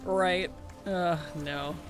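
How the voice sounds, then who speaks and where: A man streaming a video game, chatting in a playful, giggly and animated way. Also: sits high, extremely slow, over music. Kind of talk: casual gaming stream chat.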